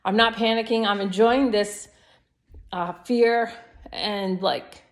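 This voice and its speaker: A woman's voice: medium pitch, fairly even intonation, takes it slowly. A woman in her fifties, a yoga teacher, rambling reflectively through a personal video diary. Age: 50s.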